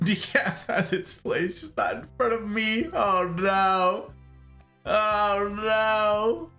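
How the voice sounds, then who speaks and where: A man's voice: high-pitched, drawn-out words, faint music behind. A man hosting a casual livestream, chatting with viewers in a jokey, exclamatory way. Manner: animated, jokey, exclaims and laughs often. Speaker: livestream host. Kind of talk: casual chat with live viewers.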